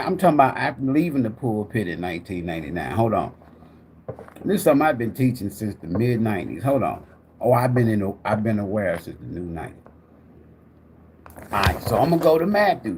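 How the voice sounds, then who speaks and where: Animated middle-aged man preaching on a livestream. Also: mid-range voice, a little hiss or hum. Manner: animated, profane, preacher-like, addresses viewers directly. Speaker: tarot reader and livestream host. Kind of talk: rambling preachy livestream talk.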